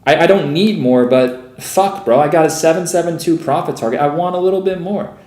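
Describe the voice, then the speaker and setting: A man's voice: fairly high pitch, a little fast, a little mellow, roomy sound. A young man giving profane, exasperated live commentary on his trades as a streaming day trader, peppering every sentence with "bro" and "dude.".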